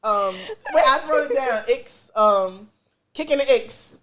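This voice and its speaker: A high-pitched woman co-hosts a podcast in casual chat, her intonation lively and her tone fairly bright. She talks at a measured pace, animated throughout, laughing often and swearing freely.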